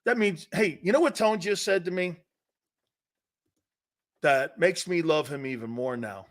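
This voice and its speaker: A man hosting a sports talk show, brash and excitable, laughing often as he needles his co-hosts. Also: fairly high pitch, measured pace. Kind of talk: loud opinionated sports radio talk.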